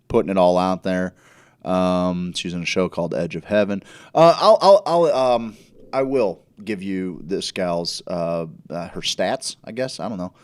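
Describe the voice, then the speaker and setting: A man from Indiana hosting a casual livestream chat, rambling through lots of fillers and the odd curse. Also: fairly low pitch. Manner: rambling, filler-heavy, profane. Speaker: podcast host.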